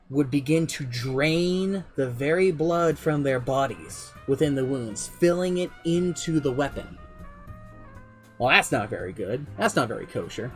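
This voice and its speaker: Guy streaming, retelling his dnd campaign, rambly and jokey, kinda high voice, faint music behind. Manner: rambling, self-deprecating storyteller. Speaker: streamer and game master. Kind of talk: casual narration of a tabletop campaign.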